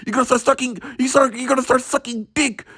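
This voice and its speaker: A nagging, suspicious middle-aged mother scolds and lectures, pitched up high and repeating every accusation , as a young man acts her out. She hammers the same point again and again in a storytelling video. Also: steady tone, fast, a bit bright, husky, dry recording, clean studio sound. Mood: lecturing.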